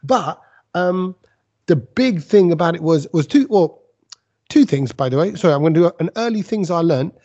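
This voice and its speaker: A man, hosting a casual podcast chat and telling animated stories. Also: on the high side, normal speed. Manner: animated storyteller, puts on silly voices. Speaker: podcast host. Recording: dull lo-fi podcast audio.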